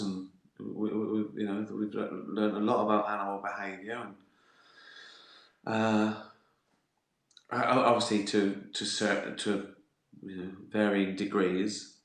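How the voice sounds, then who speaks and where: A man's voice: lowish voice, fairly bright tone. Sweary, jokey man in an echoey room. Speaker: host answering viewer questions. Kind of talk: casual live-stream Q&A.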